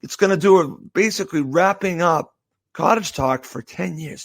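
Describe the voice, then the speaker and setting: A man from the area, hosting a podcast and giving an emotional farewell, halting and full of thanks. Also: fairly high pitch, fairly even intonation, gravelly, no room sound. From Boston area, USA. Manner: halting, with repeated thanks and restarts. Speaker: podcast host. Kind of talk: heartfelt farewell monologue.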